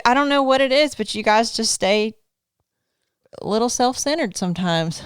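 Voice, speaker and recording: A woman guest on a podcast in casual chat, teasing and animated as she tells a story into a studio microphone. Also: on the high side, normal speed, clear, resonant tone, dry recording.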